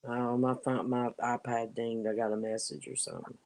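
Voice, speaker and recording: A woman co-hosting a casual craft livestream, chatting in a relaxed way while she knits. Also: very deep voice, normal speed, gravelly. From family from Eastern Kentucky. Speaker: livestream co-host.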